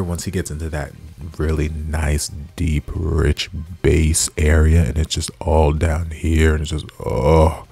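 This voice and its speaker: A man hosting a music reaction video, chatting casually and gushing with animated swings, sometimes whispering. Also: low-pitched, creaky, husky.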